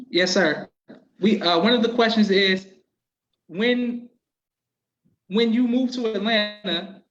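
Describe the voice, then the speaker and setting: A man's voice: high-pitched, a bit bright, muffled recording. A man hosting a podcast interview, asking questions in a polite, deferential manner. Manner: polite, deferential, often says "yes, sir". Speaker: podcast host.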